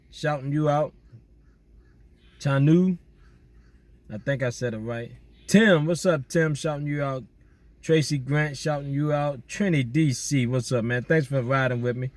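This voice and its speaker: Male vlogger, casual slangy shout-out chat, outdoors at night. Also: medium pitch, no room sound. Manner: relaxed slangy banter with listeners. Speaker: vlogger doing viewer shout-outs.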